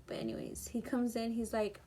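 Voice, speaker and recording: A seventeen-year-old girl talks through a storytime vlog in a chatty, emphatic way. Her voice sits a little high. A faint hiss runs under her speech. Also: flat delivery, a little fast, creaky, dark tone. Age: teens. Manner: chatty and emphatic, full of fillers. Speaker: vlogger. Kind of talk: casual storytime.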